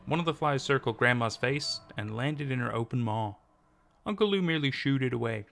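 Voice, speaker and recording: A man narrating a first-person horror story in a steady, measured reading. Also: mid-range voice, creaky, faint music behind.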